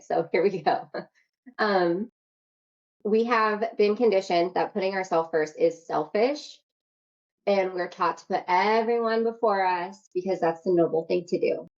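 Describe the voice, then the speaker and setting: A young woman coaching on self-love in a casual, energetic workshop talk, swearing freely. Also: lowish voice, dull audio. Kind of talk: workshop talk to an online audience.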